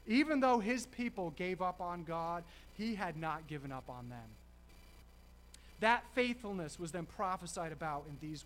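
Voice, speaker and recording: A man preaching a sermon, emphatic, slowing and stressing key words with dramatic pauses. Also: high-pitched, a bit bright.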